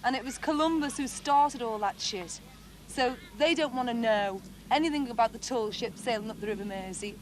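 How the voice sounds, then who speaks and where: A woman with a Liverpool accent talks in a high, ringing voice. She is blunt and earthy, with a faint hiss of noise behind her. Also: normal speed. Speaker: interviewee. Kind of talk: opinionated interview talk.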